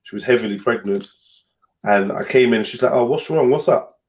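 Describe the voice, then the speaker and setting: Animated man telling stories. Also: mid-range voice, brisk. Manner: animated, swears freely, acts out voices in his stories. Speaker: podcast host. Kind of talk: casual storytelling chat.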